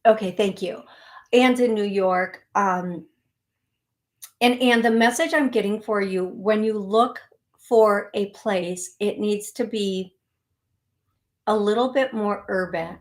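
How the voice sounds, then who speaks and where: A woman psychic medium hosting a live call-in reading show. She talks in an unhurried, drawn-out pace at a middling pitch, addressing viewers directly. Her delivery wanders and corrects itself, folksy and reassuring.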